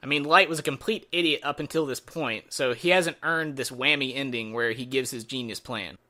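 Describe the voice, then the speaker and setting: A man's voice: mid-range voice, fairly quick, bright, forceful tone. A man giving a casual spoken movie review in a sarcastic, exasperated way.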